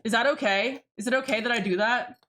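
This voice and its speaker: A woman's voice: a little high, quick pace, a bit bright. A young woman livestreaming as she builds a keyboard, rambling casually, cutting herself off mid-thought, swearing freely and answering her chat.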